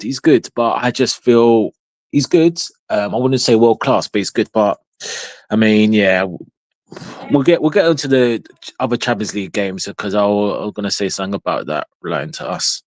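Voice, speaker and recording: A man's voice: on the low side, moderate pace, dry recording. A man co-hosting a fan livestream, reading viewer comments in casual chat, blunt and mocking, with chuckles.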